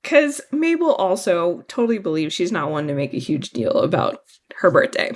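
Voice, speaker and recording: A woman's voice: on the low side, sing-song, moderate pace. A woman co-hosting a podcast, chatting casually and earnestly about a TV episode, thinking aloud as she goes. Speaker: podcast co-host. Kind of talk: casual TV review chat.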